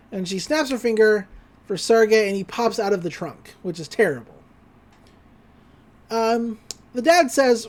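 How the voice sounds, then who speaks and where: A podcast co-host casually recaps a cartoon episode, jumping into quick character voices while retelling the scenes, with a mid-range voice and lively intonation.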